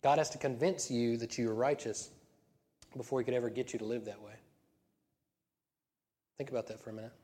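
A male pastor preaches in a church sanctuary with a mellow, darker tone. His talk is conversational and punctuated by emphatic bursts. A long hall reverb trails his words. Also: mid-range voice, steady tone, fairly quick, long pauses. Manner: conversational preaching with laughs and rising emphatic peaks. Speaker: senior pastor. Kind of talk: sermon.

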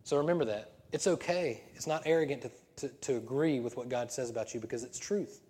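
A male pastor preaches in a church sanctuary with a mellow, darker tone. His talk is conversational and punctuated by emphatic bursts. A long hall reverb trails his words. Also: mid-range voice, fairly quick. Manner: conversational preaching with laughs and rising emphatic peaks. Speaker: senior pastor. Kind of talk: sermon.

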